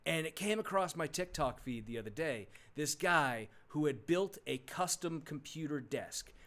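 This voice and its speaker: A man co-hosting a casual podcast, animated and joking, quick to laugh. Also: fairly high pitch. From St. Louis area. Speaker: podcast co-host.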